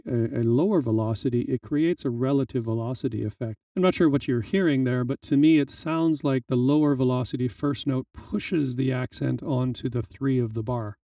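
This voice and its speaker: A man teaching drum programming in a relaxed, explanatory way, with frequent fillers, in a screen-recorded software tutorial. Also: mid-range voice, no room sound, recorded from a distance. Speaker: music tutorial instructor.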